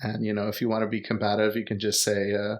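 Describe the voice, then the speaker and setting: A young Canadian man telling travel stories in relaxed, rambling conversation, full of fillers. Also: fairly low pitch, fast talker. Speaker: guest. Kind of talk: casual storytelling conversation.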